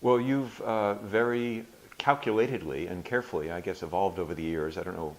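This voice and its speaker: A man in his sixties answering interview questions thoughtfully, pausing and restarting, now and then acting out his own inner voices with playful emphasis. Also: sits low, fairly even intonation, poor audio. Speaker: interview guest, workshop alumnus.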